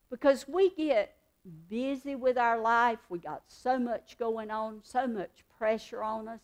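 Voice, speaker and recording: A woman's voice: a little high, fairly even intonation, a little slow. A woman giving a devotional teaching in an earnest, conversational way, repeating key points for emphasis. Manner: emphatic repetition. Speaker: Christian speaker.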